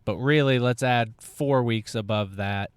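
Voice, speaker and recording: A man's voice: medium pitch, unhurried, smooth, no echo. A man hosting a podcast, talking in a casual comedic monologue that rambles, swears and drifts into tangents. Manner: rambling, profane, full of tangents and restarts. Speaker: podcast host.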